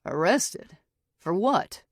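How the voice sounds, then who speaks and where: A woman voicing a gentle, teasing male bartender who speaks softly with a Texan accent. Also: high-pitched, normal speed, dry recording, clean studio sound, natural voice. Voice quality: soft voice.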